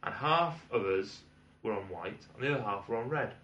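Brisk and animated, a British man with a lowish, slightly bright voice rants about a restaurant at length. It's casual chat full of rambling, swearing and exasperation, in British English. The sound is distant and roomy, dull and lo-fi.

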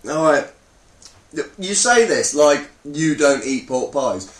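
A man's voice: fairly high pitch, animated, slow pace, distant mic. A man co-hosting a podcast, casual and hesitant, with a dry sense of humor. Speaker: podcast co-host. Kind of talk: casual chat. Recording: roomy sound, somewhat off-mic.

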